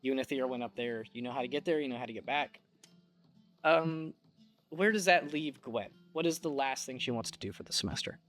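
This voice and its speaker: A man narrating as game master of a tabletop game, relaxed and rambling. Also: medium pitch, brisk, faint music behind.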